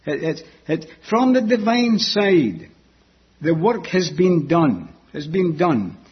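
A man preaching a sermon that explains a Bible passage, deliberate and repeating key words for emphasis. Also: on the high side, expressive, slightly rough, muffled recording.

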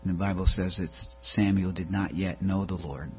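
A man's voice: deep voice, steady tone, moderate pace. A man preaching a dramatic sermon, building into a rhythmic recitation. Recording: dull lo-fi recording with mains hum.

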